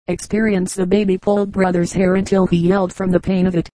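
Mellow woman reading humorous anecdotes. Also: mid-range voice, fast talker, no room sound, poor audio. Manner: even storytelling read, voicing quoted lines. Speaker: audiobook narrator. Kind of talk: scripted narration of short humorous anecdotes.

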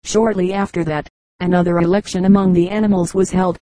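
A woman narrating an audiobook of animal fables in a measured, even storytelling manner. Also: on the low side, no room sound, low-quality recording.

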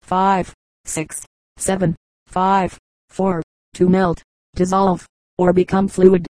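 Steady, flat-toned woman audiobook narrator. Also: lowish voice, slow, dry recording, low-quality recording. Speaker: audiobook reader. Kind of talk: scripted narration.

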